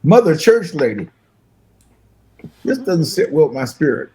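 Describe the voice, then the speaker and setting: An older man, a musician guest on a podcast, telling anecdotes quickly and animatedly, acting out other people's lines and laughing often. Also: a little high, a little hiss or hum, poor audio. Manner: fast-talking, animated, laughs often, acts out voices in anecdotes. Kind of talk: casual storytelling interview.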